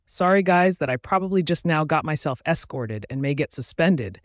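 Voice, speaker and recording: A man's voice: fairly high pitch, animated, moderate pace, dry recording, studio quality, close to an everyday voice. A man voicing a brash, foul-mouthed teenage werewolf girl who talks in a mocking, defiant way.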